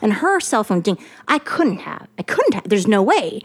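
A woman telling a story about her work in casual chat, animated and profane, acting out what others said. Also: medium pitch, moderate pace. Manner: animated, profane, quotes others in lively voices.

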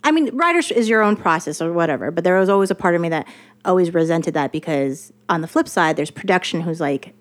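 Woman, casual storytelling, animated, profane, acts out quotes. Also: lowish voice, fast talker. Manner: animated, profane, quotes others in lively voices.

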